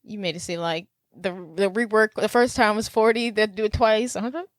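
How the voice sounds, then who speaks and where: A woman's voice: mid-range voice, steady tone, moderate pace, dry recording, clean studio sound. A young woman co-hosting a movie podcast in casual chat, rambling and thinking aloud. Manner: rambling, thinks aloud, lots of "like" and "I don't know". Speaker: podcast co-host.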